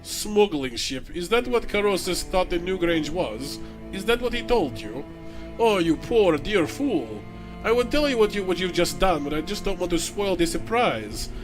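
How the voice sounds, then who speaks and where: A man's voice: sits high, very animated, moderate pace, music in the background. A man voicing a cold, scheming noblewoman villain with a put-on Russian accent and sneering, theatrical menace. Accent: vaguely Russian, put on.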